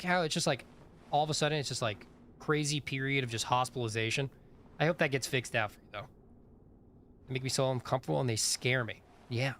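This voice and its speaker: A man's voice: medium pitch, a bit bright, a little hiss or hum. A man streaming a game live, talking casually to his chat in a rambling, chatty way with many fillers.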